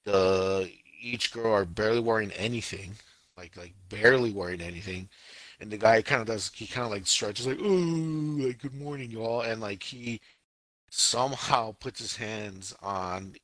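A young man co-hosting a casual podcast, recounting a show with exasperated, animated energy and silly put-on voices for the scenes. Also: on the low side, normal speed, dry recording. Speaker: anime podcast co-host. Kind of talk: casual podcast review chat.

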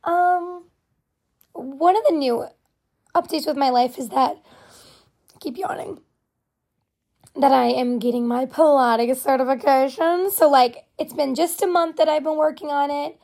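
A young woman with a high voice hosts a casual solo podcast from her room. She rambles through her stories, circling back with plenty of fillers and asides. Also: fairly even intonation, normal speed, darkish tone. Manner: rambling, chatty storytelling with frequent fillers. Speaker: podcast host.

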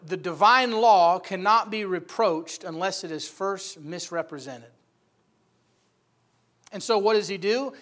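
A man's voice: high voice, fairly bright tone. A man preaching a sermon, emphatic and rising in volume on key points.

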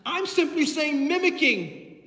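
Male pastor, very high voice, passionate repetitive preaching, roomy church echo. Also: big pitch swings, unhurried, sharp tone. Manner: impassioned, builds with repeated phrases. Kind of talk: sermon. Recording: echoey hall from far off.

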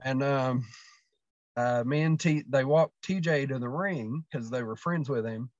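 A man's voice: mid-range voice, measured pace, a little mellow, no echo. A man guesting on a podcast, telling stories in a rambling way with lots of fillers and restarts. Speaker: guest wrestler. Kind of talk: casual storytelling chat. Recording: dull, dry lo-fi sound.

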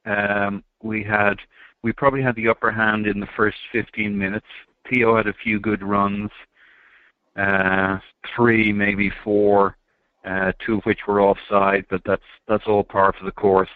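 A man's voice: fairly low pitch, flat delivery, measured pace, dry recording. A man who is a podcast regular, giving casual match analysis with hesitant ums. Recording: tinny phone line.

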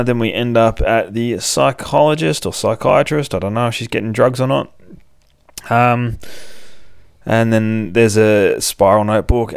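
A man's voice: lowish voice, clear, resonant tone, no echo, studio quality. A man hosting a podcast, casually recapping a comic book in a rambling, profane way, with lots of fillers. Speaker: podcast host.

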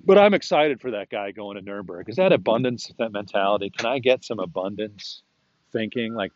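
A podcast host with a lowish voice rambles casually to himself and his dog as he walks outdoors, chuckling often. He's chatty and talks to himself, and the audio is dull with no room sound.

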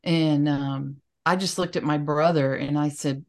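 A woman's voice: low voice, steady tone, unhurried. A middle-aged woman co-hosting a podcast, telling personal stories in a frank, plainspoken way. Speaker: podcast co-host. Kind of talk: casual podcast chat.

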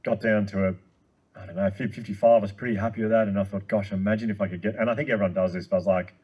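A man in his thirties, a guest speaker telling a long story in casual chat, excitable and quick. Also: lowish voice, husky, dull audio.

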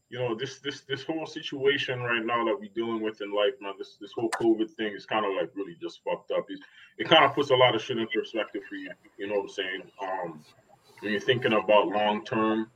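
A man's voice: lowish voice, bright, forceful tone. A laid-back man in casual chat as a podcast guest, leaning on fillers like "you know". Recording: dull, distant mic.

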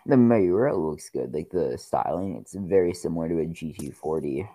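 A young man in casual podcast chat, opinionated and quick to argue back. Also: very deep voice, animated, mellow, slightly rough, no echo.

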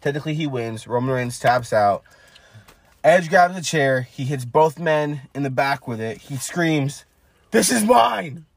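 A man's voice: mid-range voice, a little slow, no room sound. A man co-hosting a casual wrestling podcast, recapping matches blow by blow with many fillers. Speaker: podcast co-host.

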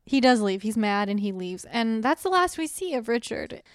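A woman's voice: on the high side, big pitch swings, normal speed, no room sound. A young woman chatting casually about a film, adding details and corrections as she goes, with some laughter. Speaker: podcast co-host. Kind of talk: casual chat recapping a film.

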